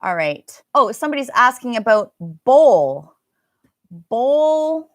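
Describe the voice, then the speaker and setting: A woman's voice: medium pitch, slow pace, a bit bright, no echo, studio quality. A woman with an American accent teaching a live online pronunciation class, chatting and laughing as she answers viewer comments. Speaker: English teacher.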